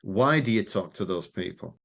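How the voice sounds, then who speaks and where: Animated man telling stories. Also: sits low, moderate pace, vocal fry. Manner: animated, acts out quoted dialogue, swears casually. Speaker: podcast guest. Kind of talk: conversational storytelling.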